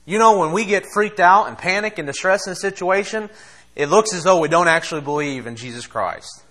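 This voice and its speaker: A man preaching a sermon, impassioned, swinging between quiet asides and loud exhortation. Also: sits high, lively intonation, a little fast. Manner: impassioned, acts out quoted voices, laughs between points.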